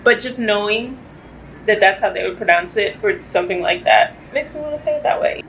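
A woman's voice: a little high, brisk, a little hiss or hum, poor audio. A young woman vlogging casually as she shows off her hotel room, chatty and playful. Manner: chatty and animated, playful asides. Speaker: travel vlogger. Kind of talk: casual vlog chat.

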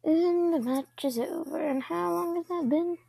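A woman giving casual commentary over her own gameplay, chatting to herself and often dropping into quiet whispers. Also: very high-pitched, measured pace, gravelly, no room sound.

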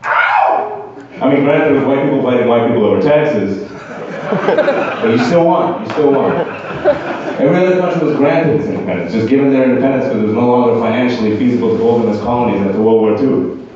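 A man's voice: medium pitch, sing-song, a little fast, long pauses, a little mellow, slight background noise. A man doing a stand-up set, wry, rambling and self-mocking, from a country that was once a British colony. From former British colony. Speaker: stand-up comedian. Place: comedy club stage. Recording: dull, far-off echoey club recording.

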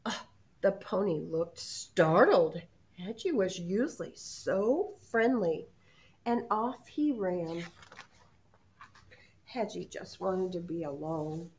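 A preschool teacher reading a storybook aloud to children, asking them questions along the way. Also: female voice, lowish voice, slow. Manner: expressive, asks the children questions. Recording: muffled lo-fi sound.

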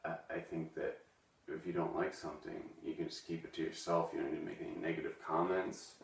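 A man playing an awkward, touchy video host who reads a bitter poem aloud in a deadpan way and then rambles hesitantly with many ums. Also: low-pitched, fairly quick, vocal fry. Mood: awkward rambling. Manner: hesitant, full of ums and restarts. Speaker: comedy sketch character, hosts a web video. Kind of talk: deadpan comedic poem reading and rambling monologue. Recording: echoey room, voice from a distance.

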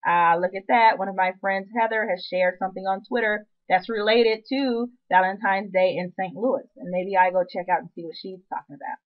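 A woman's voice: medium pitch, fairly even intonation, brisk, few pauses, highs cut off. Chatty upbeat woman giving a web tutorial. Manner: chatty, upbeat, with playful asides. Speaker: web marketing presenter. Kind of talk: screen-recorded tutorial walkthrough.

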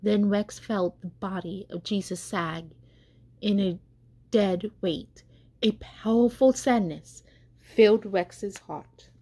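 A woman catechist reading a children's story aloud, slow and careful, with small stumbles. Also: medium pitch, warm tone, slightly rough.

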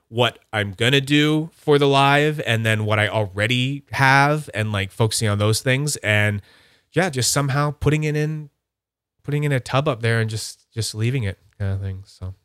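A man hosting a casual livestream, rambling enthusiastically about his collection and slipping into high silly voices when he quotes people. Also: moderate pace, fairly bright tone, smooth, no echo, studio quality. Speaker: livestream host.

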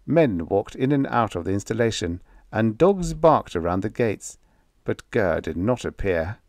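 A man narrating a vintage science fiction audiobook with expressive storytelling. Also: low voice, no echo, studio quality.

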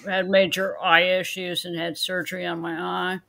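Female guest, lower-pitched voice, sleepy drawling delivery, video-call audio. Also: level tone, normal speed, vocal fry, sharp tone. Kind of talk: casual video chat.

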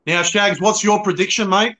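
Bright, cheeky Australian man. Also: sits high, normal speed. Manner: cheeky, banter-heavy, says mate often. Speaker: guest, fellow show host. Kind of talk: casual live-stream chat.

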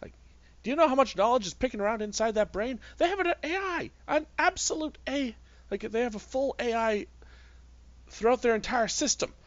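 A man voicing a young female alien sister who is eager about artificial intelligence, rambling excitedly. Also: extremely high pitch, fairly quick, no room sound, muffled recording, pitched above the performer's own voice.

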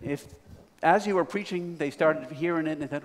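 A man's voice: a little high, fairly quick, a little hiss or hum. A man preaching a sermon, telling a folksy story to a congregation. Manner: folksy, building to excited. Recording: reverberant hall.

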